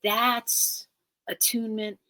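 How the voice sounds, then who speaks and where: A woman's voice: fairly high pitch, level tone, slow pace, bright, forceful tone. A woman therapist as a podcast guest, speaking earnestly and emphatically in a teaching manner and repeating key phrases.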